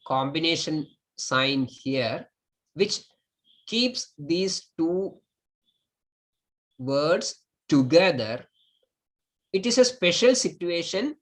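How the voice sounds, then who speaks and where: A man teaching a lesson on splitting and pronouncing Sanskrit verses, patient and repeating each word slowly for learners. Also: fairly high pitch, fairly bright tone. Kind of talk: slow step-by-step lesson.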